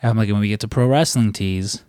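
A man's voice: lowish voice, fast, darkish tone, smooth, no echo, studio quality. A young man hosting a podcast, telling a rambling story with lots of fillers, restarts and casual swearing. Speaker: podcast host.

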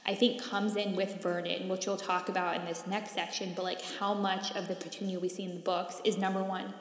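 A woman's voice: mid-range voice, level tone, brisk. A young woman co-hosting a podcast in casual chat, chatty, with frequent laughs and fillers. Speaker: podcast co-host. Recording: echoey room with long reverb.

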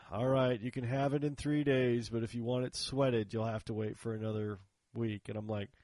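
A man's voice: mid-range voice, steady tone, moderate pace, darkish tone, no echo. A man in casual chat who tells long rambling stories, acts out the other people's lines and laughs often.

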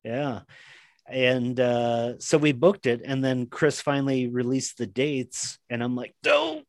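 A man's voice: mid-range voice, level tone, unhurried, a little mellow, dry recording, clean studio sound. A man chatting as a podcast guest, telling long, rambling stories full of fillers and restarts. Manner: rambling storytelling, many fillers. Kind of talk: casual chat.

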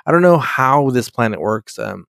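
A man's voice: medium pitch, expressive, normal speed, creaky, fairly bright tone, a little hiss or hum. A young man chatting casually, recapping an episode with lots of swearing, rambling restarts and loose mocking voices for the characters. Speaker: podcast co-host recapping a TV episode. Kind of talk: casual chat.

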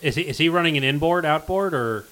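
A man co-hosting a radio chat, teasing and asking quick questions. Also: a little high, lively intonation, a bit bright.

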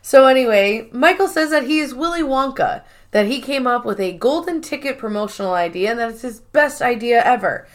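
A woman's voice: a little high, expressive, brisk, few pauses. A woman co-hosting a podcast, chatting casually and animatedly as she recaps a TV episode and acts out quoted lines. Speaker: podcast co-host.

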